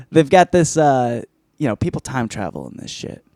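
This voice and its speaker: A man's voice: fairly high pitch, expressive, measured pace, dark tone, dry recording. Rambling, profane man in a dry room. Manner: rambling, profane, self-interrupting. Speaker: podcast host. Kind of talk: casual film review chat.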